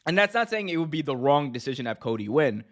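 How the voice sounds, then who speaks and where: Guy on a wrestling podcast, excited rambling chat, trips over his words a lot. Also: on the high side, quick pace. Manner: animated, many restarts and fillers. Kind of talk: casual opinionated chat.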